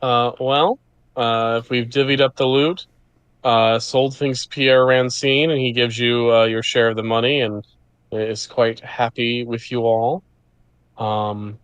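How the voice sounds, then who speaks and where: Smooth-voiced male game master. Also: mid-range voice, fairly bright tone, no echo. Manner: easygoing, explains rules plainly. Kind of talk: running a tabletop game session.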